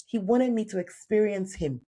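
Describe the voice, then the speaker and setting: A Nigerian-born woman in her thirties, a career coach telling a personal story in a podcast interview, animated and acting out the voices she quotes. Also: medium pitch, moderate pace.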